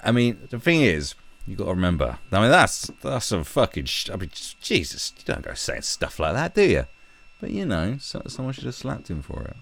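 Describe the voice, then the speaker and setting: A man's voice: on the low side, huge pitch swings, brisk, creaky, fairly bright tone. A British man hosting a livestream, reading news aloud and ranting about it in a sweary, exasperated way. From Britain. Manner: sweary, exasperated, reads articles aloud and riffs on them. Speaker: livestream host. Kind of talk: casual ranting commentary. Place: home, fiddling with a screwdriver.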